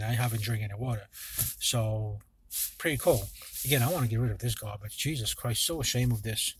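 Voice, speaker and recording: A man rants loosely to his viewers, peppering his talk with swearing. His pitch sits right in the middle. He often stops and restarts his sentences as he thinks aloud. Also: husky. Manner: rambling and profane, with many restarts. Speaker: vlogger. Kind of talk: casual vlog rant.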